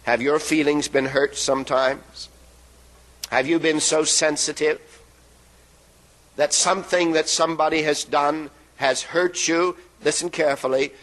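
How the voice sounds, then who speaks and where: A man's voice: on the high side, steady tone, a bit bright, poor audio. A man preaching a sermon in an emphatic way, drawing out phrases and letting them fall at the ends. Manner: emphatic, drawn-out phrases with falling endings.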